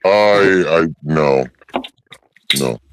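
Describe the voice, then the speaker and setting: A man's voice: a bass voice, lively intonation, very slow, clean tone. A man on a live stream call, talking bluntly, swearing often and laughing a lot. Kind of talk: casual chat.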